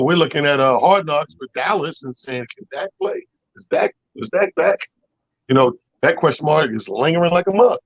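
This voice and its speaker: A man co-hosting a casual sports talk show, giving relaxed, folksy takes with little stories. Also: fairly high pitch, dry recording. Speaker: co-host. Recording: dull, dry sound.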